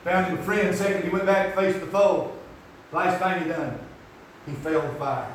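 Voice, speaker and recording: A man preaching a rambling, folksy sermon that climbs into shouts. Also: high voice, fairly even intonation, moderate pace, a little hiss or hum. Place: church. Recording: echoey hall from far off.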